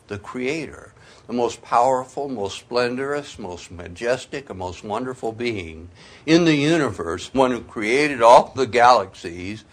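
A man preaching a sermon, telling his own conversion story in a folksy way, swinging from quiet asides to loud, emphatic peaks. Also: mid-range voice. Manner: folksy, sprinkles in "you know" and "man". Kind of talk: sermon with personal testimony.

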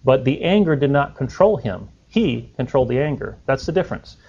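A man's voice: medium pitch, sing-song, a little fast, darkish tone, husky. Man preaching on a dull lo-fi recording. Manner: conversational, asks the listeners rhetorical questions. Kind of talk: sermon.

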